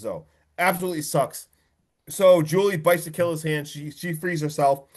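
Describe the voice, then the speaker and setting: A man hosting a podcast, excitedly recapping a horror film, swearing and acting out quotes. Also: fairly high pitch. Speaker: podcast host.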